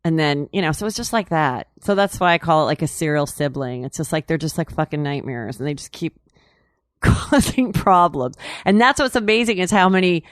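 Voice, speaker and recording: A woman's voice: low-pitched, expressive, normal speed, no echo, clean studio sound. A woman talking as an interview guest, rambling and candid, full of "like" and "you know". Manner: chatty and candid, laughs while telling. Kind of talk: casual storytelling interview.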